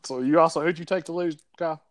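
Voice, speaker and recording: A man hosting a casual sports chat, running through the games with quick jokes. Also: a little high, steady tone. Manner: quick, joking, runs the segment.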